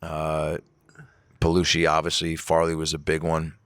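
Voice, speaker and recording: A man from the Seattle area, a comedian guest on a podcast, telling stories in an animated, profane way and acting out quotes. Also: a bass voice, moderate pace, clear, resonant tone, no echo. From Seattle area, USA. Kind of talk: casual podcast storytelling.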